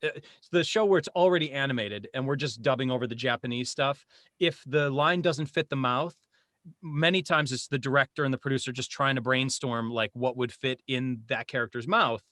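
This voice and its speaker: A man in his forties, a voice actor guest chatting casually on a podcast, animated and laughing often. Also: mid-range voice, fairly quick, no echo, clean studio sound.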